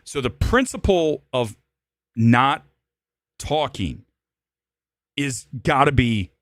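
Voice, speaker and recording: An animated man hosting a live movie talk stream, ranting profanely as he tells a story. His pitch swings widely and leaps high whenever he gets heated. The sound is close and dry, with no room around it. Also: no room sound. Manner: jumps into high shouts when worked up. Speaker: host.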